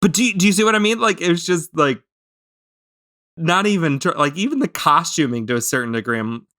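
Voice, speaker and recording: A man's voice: fairly high pitch, fairly quick, pushed and bright. A man co-hosting a film review podcast, chatting casually and hesitantly as he works through his opinions. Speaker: podcast co-host.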